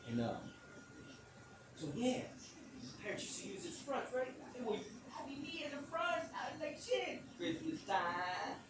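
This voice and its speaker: A man hosting a podcast, telling a rambling, animated story in speech, swearing casually and acting out the quotes. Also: very high-pitched, moderate pace, pauses often, distant mic. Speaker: podcast host. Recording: echoey room, off-mic, background noise.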